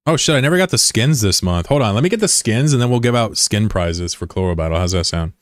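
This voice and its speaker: A man's voice: fairly low pitch, animated, fast talker, no echo, clean studio sound. A man from the United States streaming live and chatting casually with viewers, blunt and profane, arguing with critics in the chat. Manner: blunt and profane, often swearing; argumentative when answering critics. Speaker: livestreamer.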